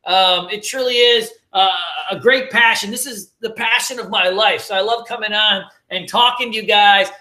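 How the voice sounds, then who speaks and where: A man's voice: sits high, sharp tone, roomy sound. A man hosting a casual trading livestream, joking, slangy and swearing as he answers viewers. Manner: laid-back, joking, slangy, swears and laughs often.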